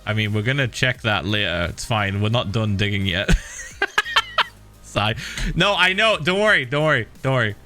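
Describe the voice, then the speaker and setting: A man chatting casually on a game stream, an animated storyteller who laughs often. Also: mid-range voice, creaky. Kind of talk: casual stream chat while gaming.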